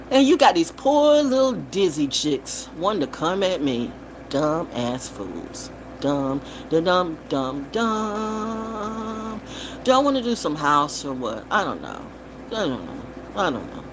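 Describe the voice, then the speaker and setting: A woman reading tarot in a rambling, profane freestyle monologue. She swings from loud outbursts to low mutters and keeps repeating and rhyming phrases. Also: noisy background. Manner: profane and confrontational. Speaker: tarot reader and vlogger.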